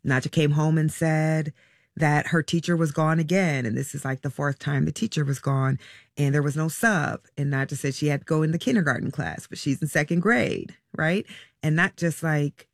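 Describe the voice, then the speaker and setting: Gravelly, reflective mother recalling hard choices. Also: sits low, dry recording, studio quality. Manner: halting, reflective, soft-spoken. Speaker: interview guest, parent. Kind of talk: emotional personal recollection.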